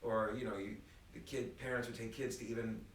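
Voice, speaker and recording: A man's voice: on the low side, fairly quick, slight background noise. A man talking as a guest in a casual conversation, telling stories with lots of restarts, recorded on a phone in an apartment room. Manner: animated storyteller, many restarts. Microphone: phone recording from across the room. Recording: echoey room, distant phone mic, faint ambience.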